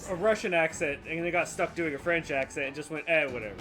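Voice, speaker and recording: Chill streamer cracking dry jokes over the gameplay, mid pitched, game music going. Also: brisk, fairly bright tone. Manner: dry, laid-back, joking. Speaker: livestream co-host. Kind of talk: casual let's-play banter.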